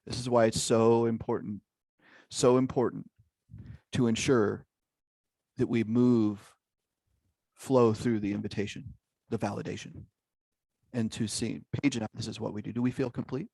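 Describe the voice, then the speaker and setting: A man's voice: fairly low pitch, little pitch movement, moderate pace, creaky, long pauses, dark tone, slightly rough, no echo. Engaging man leading an online workshop. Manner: engaging, peppers talk with "okay?" and "right?". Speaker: workshop leader.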